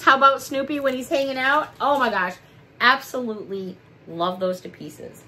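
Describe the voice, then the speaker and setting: A middle-aged woman talks through a home haul vlog in a warm, chatty way, gushing and emotional. Her voice sits a little high, and a faint background hum runs under it. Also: poor audio. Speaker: vlogger. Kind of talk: casual haul vlog chat. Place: home, at a desk.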